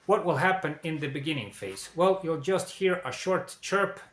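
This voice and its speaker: A man's voice: on the high side, expressive, normal speed, echoey room. A man presenting a car repair lesson, walking viewers through warning signs step by step, often checking in with "okay?" and addressing "dear viewers". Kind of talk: instructional explainer.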